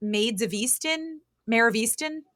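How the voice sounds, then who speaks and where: A woman's voice: fairly high pitch, measured pace, fairly bright tone, no echo, clean studio sound. A woman guest-hosting a podcast in casual chat, rambling playfully through stories and asides.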